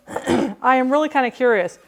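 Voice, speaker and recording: A woman's voice: high voice, measured pace. A woman hosting a casual cooking livestream from her kitchen, chatting to viewers, humming and singing along, and laughing often.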